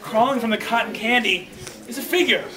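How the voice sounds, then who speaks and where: A man with a very high voice moderates a party game, improvising gory, silly narration. He talks excitedly and keeps laughing mid-sentence. A camcorder across the room picks him up over a loud, chattering crowd. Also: brisk, distant mic, poor audio. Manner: excitable, laughing through his words. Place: indoor party room with friends.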